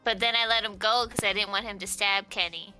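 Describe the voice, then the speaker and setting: A woman's voice: medium pitch, steady tone, fairly quick, pushed and bright, faint music behind. A woman playing a tabletop game, chatty and giggly, full of "like" fillers. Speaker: player. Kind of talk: casual tabletop play.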